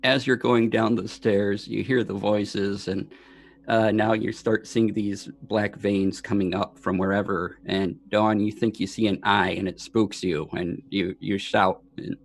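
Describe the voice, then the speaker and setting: A man narrating as dungeon master of a tabletop game, slow and halting with many fillers. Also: fairly low pitch, flat delivery, gravelly.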